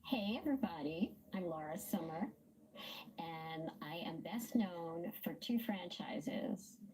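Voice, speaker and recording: A woman voice actress recalling her career in a chatty, relaxed interview. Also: lowish voice, takes it slowly, slight background noise, rough recording. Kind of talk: casual interview recollection.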